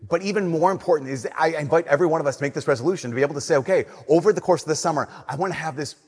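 Young priest, male, slightly high and husky, conversational sermon delivery with long church reverb. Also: racing. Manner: conversational preaching, playful then hushed and earnest. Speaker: Catholic priest.

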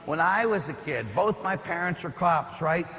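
In church, a Pittsburgh-area priest tells his homily like a conversation, tossing in rhetorical questions and asides. He speaks at a moderate pace with lively intonation, his voice high-ish and a bit bright, over soft background music in an echoey hall with faint ambience.

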